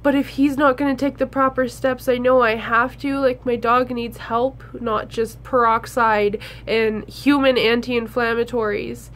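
A woman's voice: on the high side, level tone. A young woman talking straight to her viewers in a personal vlog, crying as she speaks and stopping and restarting her sentences. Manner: halting, tearful, many restarts. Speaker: vlogger.

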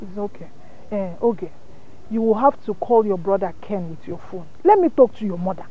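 Actress as a soothing, firm aunt with an animated voice. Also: female voice, medium pitch, a little fast, highs cut off, close to an everyday voice. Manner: soothing, scolding. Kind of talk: film drama.

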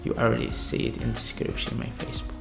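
A man from Algeria with an Algerian accent, reacting to a video in awed, halting English with many exclamations. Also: music in the background. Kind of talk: casual reaction commentary.

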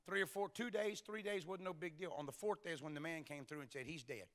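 A man's voice: high voice, fast talker, fairly bright tone. A man preaching a sermon in a church, telling folksy stories and acting out the dialogue. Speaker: pastor. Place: church sanctuary.

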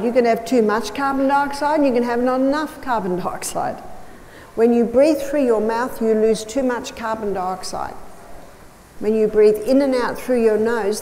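A woman's voice: on the high side, darkish tone. Woman health lecturer in a reverberant hall. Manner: storytelling, emphatic repetition. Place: large hall or church. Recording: reverberant hall with faint noise.

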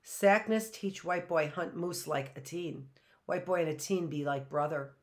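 A woman's voice: lowish voice, unhurried, close to an everyday voice. A woman voicing a solemn old male hunter in a storybook read-aloud, speaking in short, broken phrases. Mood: earnest. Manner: clipped, broken speech.

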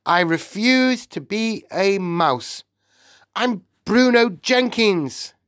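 A spoiled, loud-mouthed boy squeaks out his outrage in a high, bouncing voice, as a man reads him for an audiobook. The delivery is unhurried and the sound close and dry. He blusters and shouts like a boy used to getting his way. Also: expressive, no room sound. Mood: indignant. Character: loud-mouthed greedy boy turned mouse.

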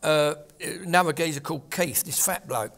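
An older man from England spins a rambling tale among friends, swearing freely and breaking into laughs. His voice sits on the high side for a man. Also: moderate pace, fairly bright tone. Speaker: storyteller at a table of old friends. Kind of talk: casual anecdote telling.

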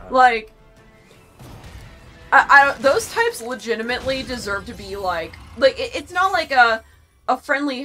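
A young woman with a high, bright voice rants bluntly in a casual chat. She swears freely and speaks with sharp, animated force. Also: fairly quick, faint music behind. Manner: blunt, profane, animated ranting. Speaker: co-host.

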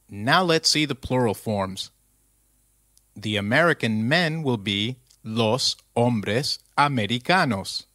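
A man teaching a scripted language lesson at a slow, deliberate pace. His mid-pitched voice is recorded dry and close, with no room sound. He repeats each phrase patiently so the learner can follow. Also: bright, forceful tone, dry recording.

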